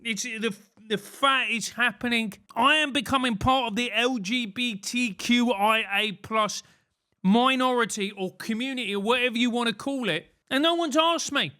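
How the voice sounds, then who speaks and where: A man's voice: very high voice, moderate pace, sharp tone, smooth. A man with a British accent giving comedic advice as a podcast host, ranting and self-mocking. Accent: British English. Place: London.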